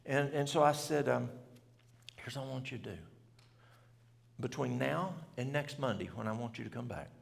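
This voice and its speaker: A man's voice: mid-range voice, normal speed, long pauses. A middle-aged man, telling a story to a church audience in plain, folksy country talk. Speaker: health seminar speaker. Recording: gravelly voice in a reverberant church hall.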